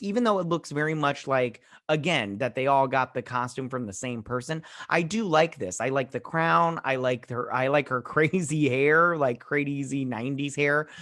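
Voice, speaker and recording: A man's voice: on the high side, fairly bright tone. A man hosting a TV review channel, recapping an episode in a casual, rambling way with lots of fillers and restarts. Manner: heartfelt, saying he feels choked up.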